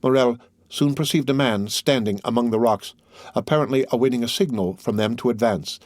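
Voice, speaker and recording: A man's voice: mid-range voice, a little mellow, no echo. Man reading a classic novel aloud, dry sound. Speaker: audiobook narrator. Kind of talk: audiobook narration of a classic novel.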